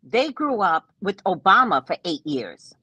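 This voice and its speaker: A woman host telling a story in casual chat, mocking and animated, laughing often and jumping high when exasperated. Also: unhurried, slightly rough, dry recording. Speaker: podcast host.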